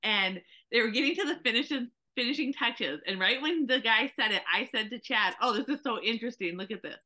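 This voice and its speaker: A woman co-hosting a casual conversation, telling animated stories and acting out what people said. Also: on the high side, brisk. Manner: animated storyteller, acts out quotes.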